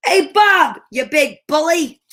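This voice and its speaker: A woman's voice: high voice, slow, voice pushed up. Woman voicing a spunky scolding talking dog. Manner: bold scolding.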